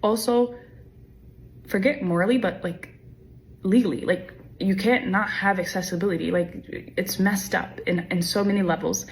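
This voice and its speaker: A woman's voice: mid-range voice, fairly even intonation, normal speed, slight background noise, low-quality recording. A woman talking to camera in an indignant, earnest way. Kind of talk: clip of another creator's video talking to camera.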